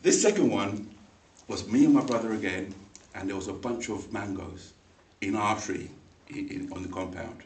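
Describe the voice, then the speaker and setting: A man's voice: fairly low pitch, moderate pace. Man telling a story in an echoey room. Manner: animated, acts out voices in the story, laughs along. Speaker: speaker at a speaking club. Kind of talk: humorous personal storytelling speech. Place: meeting room. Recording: echoey room, mic far off, faint noise.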